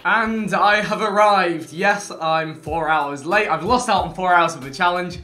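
A man's voice: high-pitched, measured pace, pushed and bright. A man chatting to the camera in a casual vlog, joking about himself. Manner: chatty, self-deprecating. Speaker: challenge participant. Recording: echoey room with faint music.

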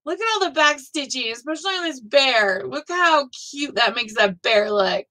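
A woman's voice: high voice, lively intonation, moderate pace, bright, forceful tone, rough recording. A woman hosting a casual live stream, thinking aloud and gushing with frequent exclamations. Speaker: host of a live stitching show.

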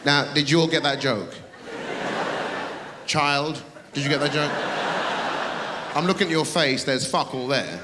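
A man doing live stand-up comedy, teasing the audience and bursting into shouts. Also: a little high, unhurried, pauses often, noisy background. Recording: live theatre recording, long reverb, loud crowd.

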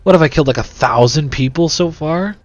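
Speaking briskly in a voice on the high side and a little mellow, a young man hosts a let's play, swearing, joking, and being sarcastic into a desk mic. The recording is dry and sounds dull.

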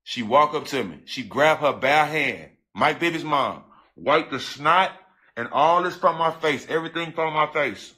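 A man recounts a personal story in a bright, tense voice set a little higher than most. He talks straight to his listeners in casual, profane slang and often circles back to repeat himself as the feeling builds. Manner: animated, profane street slang, addresses listeners directly; emotional, breaks into halting repeats.

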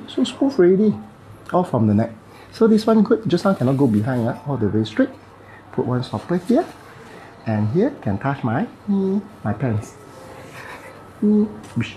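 A man's voice: medium pitch, mellow, slight background noise, poor audio. A man with a Malaysian English accent who talks a patient through a hands-on bone-setting treatment, in clipped, simple phrasing and with playful sound effects as he works. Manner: playful, makes sound effects while working.

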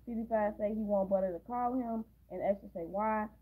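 Going through a movie scene by scene, a woman hosting movie reactions talks casually and tosses in blunt, sarcastic comments. She speaks quickly in a mid-range, slightly rough voice over a tinny, phone-like recording.

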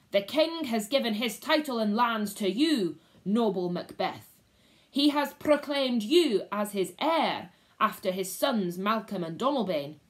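A woman voicing a royal herald who makes a loud, formal announcement in a read-aloud story. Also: on the high side.

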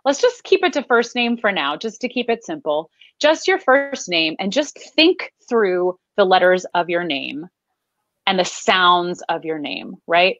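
A woman's voice: on the low side, a bit bright, no echo, highs cut off. A woman from the American Midwest with a Midwestern accent, coaching listeners through breathing and name exercises in an upbeat, instructive way. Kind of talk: guided vocal exercise.

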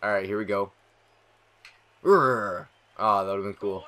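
Excitable, foul-mouthed young male gamer. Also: on the low side, measured pace. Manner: excitable, swears a lot, rambling self-talk. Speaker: gaming commentator. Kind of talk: live gameplay commentary.

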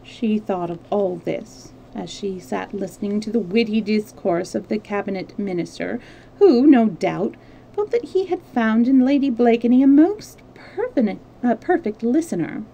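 A woman reading a classic novel aloud as a storyteller, steady with small slips and restarts. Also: mid-range voice, moderate pace, gravelly, slight background noise, low-quality recording.

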